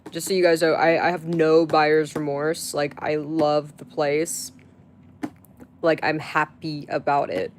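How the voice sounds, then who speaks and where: Casual live streamer at medium pitch, rambling with constant fillers and coarse swearing at chat. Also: level tone, unhurried, slight background noise. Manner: rambling, heavy with fillers and restarts; crude, profane outbursts at chat.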